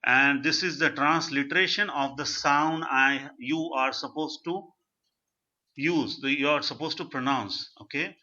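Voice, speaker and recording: Bright-voiced man teaching a video class. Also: a little high, a little slow. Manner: repeats words, drills pronunciation. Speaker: French teacher. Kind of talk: live online language class. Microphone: video call. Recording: muffled video-call audio.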